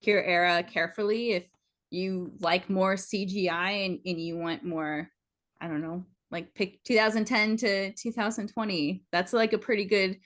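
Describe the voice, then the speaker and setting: A woman's voice: medium pitch, steady tone, moderate pace, fairly bright tone. A woman guest on a casual interview podcast, giving earnest, encouraging advice with frequent fillers.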